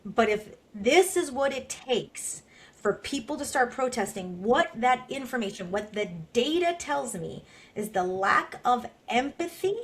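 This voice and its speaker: A woman co-hosting a podcast who speaks in an earnest, impassioned way. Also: on the high side. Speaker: podcast co-host. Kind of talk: podcast discussion.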